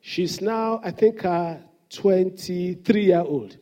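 Male pastor, sermon delivery; high-pitched, warm and mellow tone, earnest storyteller who stumbles and restarts. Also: slow pace, lo-fi sound. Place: church service.

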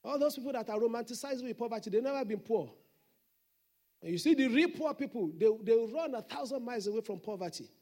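A man's voice: very high-pitched, animated, fast talker, warm tone. A man preaching a Sunday sermon as senior pastor, emphatic and repeating his declarations.

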